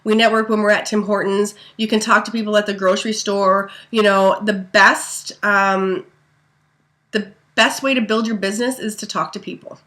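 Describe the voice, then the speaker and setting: A woman's voice: medium pitch, steady tone, moderate pace, fairly bright tone. A woman giving a casual, rambling training talk to her network marketing team, full of fillers and asides. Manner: chatty, rambling, many ums and likes.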